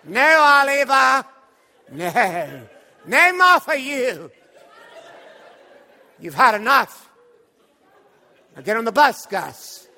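A man puts on a stern Dickensian master, shouting and scolding. The voice sits high and sharp, and it rings with the long reverb of a large hall. It booms out refusals in a blustering, theatrical manner. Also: very animated, drawn-out words, vocal fry, pauses often, heavily acted. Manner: booming, scolding.

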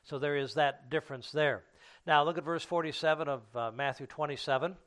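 A man's voice: on the high side, a bit bright. Man preaching with frequent fillers. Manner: unhurried Bible teaching with frequent fillers and restarts. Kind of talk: sermon.

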